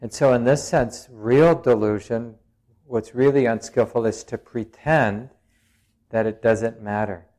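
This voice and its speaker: A man, a meditation teacher, giving a dharma talk in reflective, searching phrases with frequent pauses and touches of gentle humour. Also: mid-range voice. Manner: plain-spoken and gently humorous.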